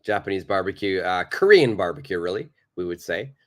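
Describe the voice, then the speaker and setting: Male English teacher, slightly low voice, energetic live-lesson delivery. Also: brisk. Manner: lively, emphatic explaining, reads viewer comments aloud.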